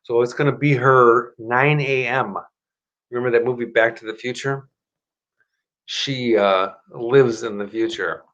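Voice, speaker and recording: A man's voice: mid-range voice, fairly even intonation, measured pace, fairly bright tone, dull audio. Chatty man hosting a live stream. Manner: chatty, rambling, self-correcting, motivational. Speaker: host of a live stream show. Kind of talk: casual live-stream talk and self-help pitch.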